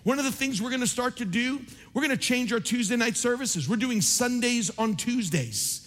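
A man's voice: very high voice, animated, moderate pace. A man preaching a sermon as pastor, building fervor with rhetorical questions, in a large church sanctuary. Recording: long reverb of a large hall.

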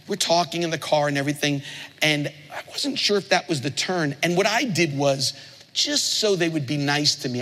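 A middle-aged man preaching a sermon as pastor, telling stories in an animated way with playful imitations. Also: high voice, in a large hall, slight background noise.

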